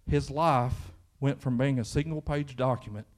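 A man's voice: mid-range voice, moderate pace. A man with a Kentucky accent, preaching a sermon in church in a conversational style that rises into fervent emphasis. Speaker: pastor.

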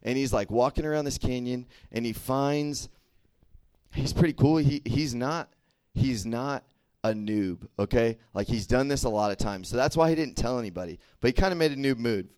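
A young man delivers a casual youth sermon in an easygoing, talkative way. He keeps checking in with his listeners and fills his sentences with fillers. His voice sits at an ordinary middle pitch, and the recording is dry with no room echo. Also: moderate pace, clean tone. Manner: chatty and animated, many fillers and "right?" check-ins. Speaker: youth pastor.

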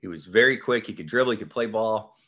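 A man telling a story as a podcast guest, lively, acting out the voices and shouting the punchlines. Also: fairly low pitch, quick pace, dull audio. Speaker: podcast guest, golf instructor. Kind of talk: animated storytelling.

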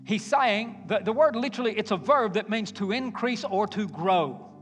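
A man preaching a sermon to a congregation, emphatic and building to forceful exhortation. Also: high-pitched, moderate pace. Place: church sanctuary. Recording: long hall reverb, faint guitar. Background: faint guitar music.

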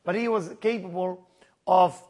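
A man telling a spiritual story as a lesson in broken, non-native English, with lively asides to his listeners. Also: high voice, unhurried. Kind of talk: storytelling sermon.

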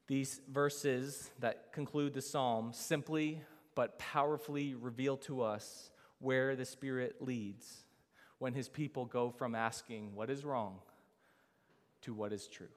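A man's voice: mid-range voice, steady tone, slow pace. A man preaching a sermon, building emphasis and asking rhetorical questions of the congregation. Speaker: pastor. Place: church sanctuary. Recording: long reverb of a large hall.

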